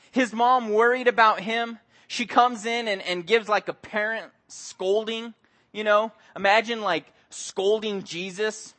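A man preaches with a high, bright voice. He tells stories with energy and acts out the people in them as he goes. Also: normal speed. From Mexico. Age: adult with young son. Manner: animated storytelling, acts out voices. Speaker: pastor. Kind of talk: sermon.

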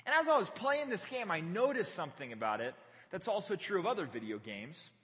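A man's voice: sits high, very animated, a little fast, a bit bright, long reverb tail. Playful guy preaching, chatty, voice bounces up and down a lot. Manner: playful and conversational, with casual fillers. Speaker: pastor. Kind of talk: sermon.

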